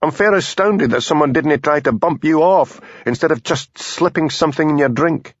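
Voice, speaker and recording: Narrator as mild patient Highland constable, Scottish accent, raised voice, dry close sound. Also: male voice, normal speed, husky, no room sound. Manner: mild, patient, blunt when annoyed. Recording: dull lo-fi audiobook recording.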